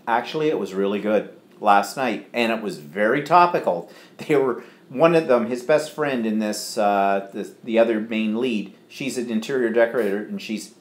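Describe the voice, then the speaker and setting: A man co-hosting a live home stream, chatting casually and reading out viewer comments with lots of fillers. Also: mid-range voice. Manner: rambling, chatty, filler-heavy. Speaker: co-host of a live stream show. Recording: echoey room.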